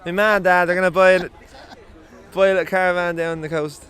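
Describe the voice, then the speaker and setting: A man's voice: high-pitched, little pitch movement, a little fast, a bit bright, clear, resonant tone, some chatter behind. An Irish man being interviewed outdoors at a festival. He is still buzzing after a gig, swears casually and laughs often. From Ireland. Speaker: musician guest.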